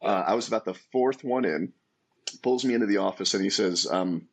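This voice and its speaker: A man in his forties telling his own story as a guest in an interview, earnest and animated, with frequent restarts. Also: fairly low pitch, fairly quick, breathy edge. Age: 40s. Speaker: guest, entrepreneur.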